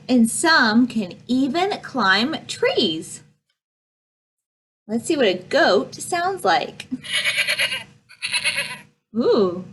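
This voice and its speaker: A woman librarian reading picture books aloud at a preschool storytime, slow and sing-song, breaking into animal noises. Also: a little high, breathy edge. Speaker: children's librarian.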